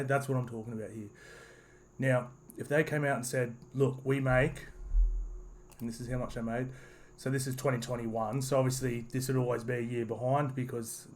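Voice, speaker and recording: A man's voice: mid-range voice, darkish tone, slight background noise. Rambling guy giving his opinion. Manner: rambling, restarts, lots of "you know". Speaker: sports commentary vlogger. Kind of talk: casual opinion monologue.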